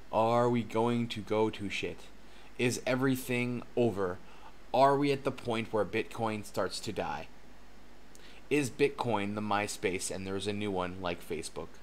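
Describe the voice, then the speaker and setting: A man hosting a casual livestream as a cryptocurrency educator, excitable and chatty, laughing often and swearing casually. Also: fairly low pitch, slight background noise. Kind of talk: casual live-stream chat. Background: faint background music.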